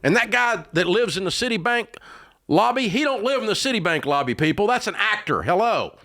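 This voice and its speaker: A man hosting a call-in advice show, yelling at callers in a blunt, exasperated rant from a radio studio. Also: high-pitched, very animated, fairly quick, no echo. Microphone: studio microphone.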